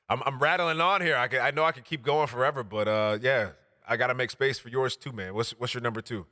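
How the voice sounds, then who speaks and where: Bright-voiced earnest podcast host. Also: male voice, medium pitch, a little fast, in a large hall. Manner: earnest, heartfelt, rambling. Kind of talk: casual podcast chat.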